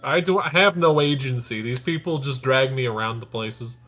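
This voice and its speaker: Goofy guy playing dnd, swears a bunch, normal pitch, music faint behind. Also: moderate pace. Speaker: player. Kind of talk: joking tabletop chat.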